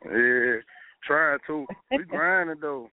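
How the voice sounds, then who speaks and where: A man's voice: fairly high pitch, takes it slowly, no echo. A young man, a rapper guest talking casually and laid-back, full of "like" fillers. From Pine Bluff, Arkansas, US. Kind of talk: casual interview over phone. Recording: tinny phone line.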